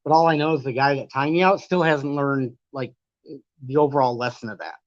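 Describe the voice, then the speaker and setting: Brisk and mid-range in voice, this man hosts a live stream with no echo, reading chat and firing back answers. He rambles, argues and drops the odd swear word, over dull lo-fi stream audio.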